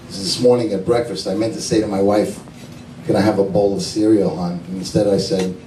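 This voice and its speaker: A man doing stand-up, telling jokes in a dry, deadpan way and laughing at his own punchlines. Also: lowish voice, fairly quick. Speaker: stand-up comedian. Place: lounge club stage. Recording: echoey club from far off, noisy.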